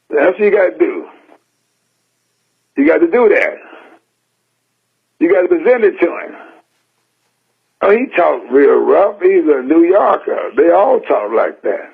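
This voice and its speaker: Older man, from san francisco, folksy preacher, gravelly husky voice, slow deliberate delivery, tinny phone-like radio sound. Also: on the high side, animated. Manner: folksy, emphatic preaching with plain-spoken repetition. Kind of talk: sermon.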